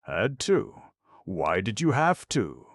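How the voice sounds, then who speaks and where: A man's voice: fairly low pitch, very animated, takes it slowly, no echo, clean studio sound, pitched above the performer's own voice, heavily acted. A man voicing a big, hot-tempered young man who blusters and rages in an audiobook. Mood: indignant. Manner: blustering, loud, indignant.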